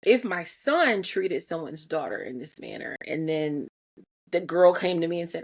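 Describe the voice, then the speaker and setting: A woman's voice: fairly low pitch, moderate pace, slightly rough. A woman, a mother in her thirties, speaking candidly and earnestly about parenting, owning up to her own faults with frequent restarts. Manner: earnest, self-critical, animated with restarts. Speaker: mother sharing parenting reflections. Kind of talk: candid personal talk.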